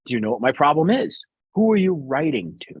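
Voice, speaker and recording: A man's voice: fairly high pitch, very animated, a little fast, husky, no echo, narrow, tinny audio. A middle-aged man with a New York accent, answering interview questions bluntly and sarcastically as a business guest.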